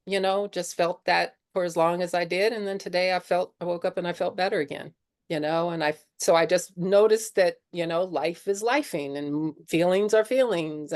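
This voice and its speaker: Middle-aged woman, lowish voice, talking real candid to her spiritual group, lots of "you know"s. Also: clear, resonant tone. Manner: earnest and conversational, with many fillers like "you know". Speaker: speaker leading a spiritual discussion group. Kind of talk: candid personal sharing talk.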